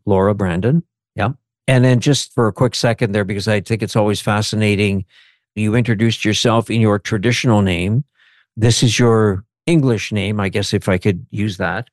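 A man's voice: fairly low pitch, fairly even intonation, normal speed, no echo, studio quality. A man hosting an interview, asking polite, courteous, slightly rambling questions. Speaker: interviewer, host.

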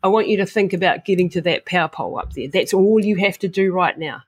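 A woman from New voicing her mother, who calms her daughter in a firm, steadying manner. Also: lowish voice, quick pace, husky.

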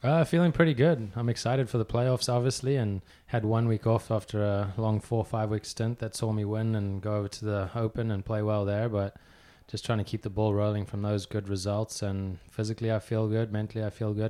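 A man from South Africa, a professional golfer, answering interview questions in a quiet sauna. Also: on the low side, flat delivery, a little fast, hardly any pauses. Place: sauna in a locker room.

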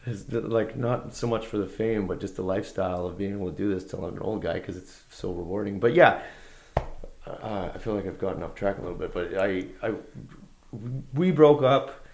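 A man's voice: deep voice, a little fast, slight background noise. A man, a guest musician, telling anecdotes in a casual conversation, rambling and laid-back with lots of fillers and restarts.

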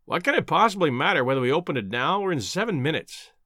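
A sour, scornful old professor, all acid and bitterness, as a male narrator plays him. His voice rides high and swings widely, lively with contempt. The reading is dry and close, with no room sound. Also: fast, no room sound.

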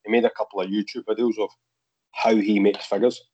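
A very deep-voiced Scottish man talks in a relaxed, rambling way, often restarting his sentences. The audio is a little dull and muffled. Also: fairly quick, slight background noise. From Scotland. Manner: rambling, frequent restarts, laid-back. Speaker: guest, figure customizer. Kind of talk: casual podcast chat.

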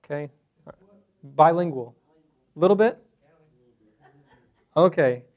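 A man's voice: fairly high pitch, expressive, takes it slowly, darkish tone. A man teaching a Bible study class to a small group in a room, talking conversationally and asking the group questions.

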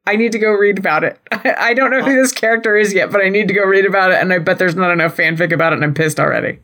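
A young adult woman co-hosting a casual recap podcast, animated and slipping into playful voices for quotes. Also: medium pitch, very fast. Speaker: podcast co-host.

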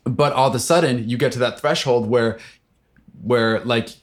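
A man, a songwriter guest, chatting casually and excitedly, rambling through stories with lots of fillers. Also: medium pitch, normal speed, over a noisy crowd. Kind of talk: casual storytelling chat.

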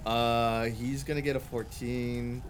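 A man's voice: mid-range voice, level tone, slow pace, slight background noise. A man narrating as game master of a tabletop game, casual, with many fillers.

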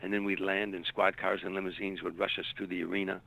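An older man, a stand-up comedian, tells long anecdotes in an interview, repeating words as he hunts for them. His low voice barely shifts in pitch, comes fast with vocal fry and a sharp tone, and the recording is rough.

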